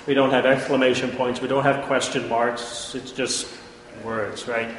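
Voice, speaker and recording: A man's voice: medium pitch, little pitch movement, moderate pace. A man giving an informal classroom lecture, chatty and constantly checking in with his listeners. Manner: chatty, checks in often with "right?". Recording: echoey hall, faint room noise.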